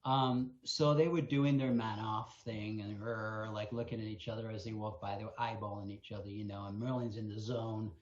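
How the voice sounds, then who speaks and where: A man's voice: on the low side, normal speed, few pauses. A man co-founding a wolf sanctuary, telling a story in a live Q&A and acting out the sounds. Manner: animated storyteller, acts out sounds. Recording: echoey, muffled sound.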